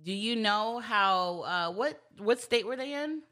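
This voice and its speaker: A woman with a bright, forceful voice chats casually. She recaps a show's scenes, quoting what the characters said. Her pitch sits in the middle. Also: lively intonation, unhurried. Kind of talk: casual chat recapping a show.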